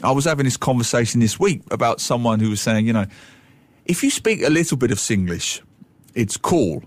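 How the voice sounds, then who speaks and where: A man talking on the radio with a lot of swing in his pitch, playful and animated as he slips into little imitations. The sound is close and dry, with no room around it. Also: brisk, no echo. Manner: animated, playful, mimics voices and accents. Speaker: radio co-host, language commentator. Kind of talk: casual radio chat.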